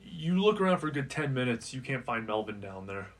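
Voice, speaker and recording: A man's voice: mid-range voice, sing-song, a little fast. A man running a tabletop game as game master, describing scenes in a casual way. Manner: casual, describing scenes and voicing side characters. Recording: distant mic with faint noise.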